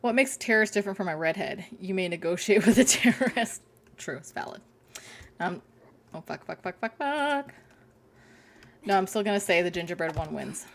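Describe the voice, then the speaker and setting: A woman's voice: on the low side, a little fast, creaky. A young woman streaming a survival game, chatting casually, giggling and reading jokes from chat aloud.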